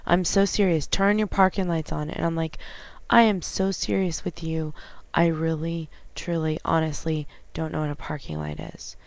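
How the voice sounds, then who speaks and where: A woman vlogging at home on a webcam, chatting casually and retelling conversations with lively quoted dialogue. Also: sits low, moderate pace, vocal fry, no room sound. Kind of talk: casual storytelling.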